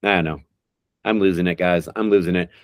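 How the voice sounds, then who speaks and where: A man hosting a trivia podcast, reading song lyrics slowly and deliberately and announcing each question with animated energy. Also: sits low, clear, resonant tone, no room sound, clean studio sound. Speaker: podcast host.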